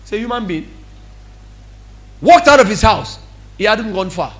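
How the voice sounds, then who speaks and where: A man preaching a sermon as pastor, animated and acting out what people say. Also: high-pitched, moderate pace. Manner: animated, acts out quoted speech.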